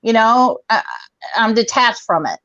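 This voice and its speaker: A woman in her forties on a video call, telling a rambling, profane story in a casual, animated way. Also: on the high side, measured pace, dry recording, lo-fi sound. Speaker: guest comedian.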